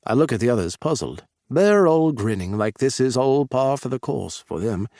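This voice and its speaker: A man narrating a romance audiobook in the first person with an expressive reading. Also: lowish voice, normal speed, few pauses, no echo, studio quality.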